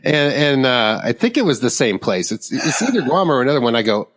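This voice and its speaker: Animated man spinning a rambling yarn. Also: medium pitch, a little fast. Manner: rambling, animated, laughs through his story. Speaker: podcast co-host. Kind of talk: casual storytelling. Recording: long hall reverb.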